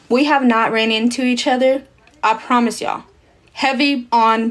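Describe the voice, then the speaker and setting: Young woman, a bit high-pitched, casual and emphatic livestream host talking straight to her viewers. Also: a little slow, fairly bright tone. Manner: chatty, emphatic, addresses viewers as y'all.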